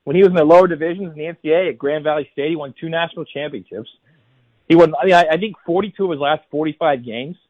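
A man who is a guest college football writer on a radio interview, making a fast, emphatic argument that builds point by point. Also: on the high side, dull audio.

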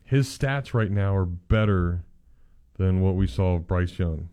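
A man co-hosting a sports talk show, firing off dry, quick comebacks in casual chat. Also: sits low, dark tone, clear, resonant tone.

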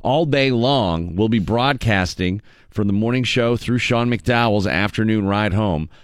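A man's voice: lowish voice, a little slow, clean tone, no room sound. A man hosting a radio morning show, chatting casually in an upbeat promotional way with some fillers. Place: radio studio. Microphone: studio microphone. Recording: dry close studio mic.

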